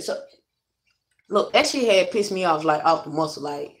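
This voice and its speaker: Talking straight to her viewers, a young adult vlogger vents in a blunt, rambling, profane way. Her fairly low voice is sing-song, and she speaks at normal speed with frequent pauses.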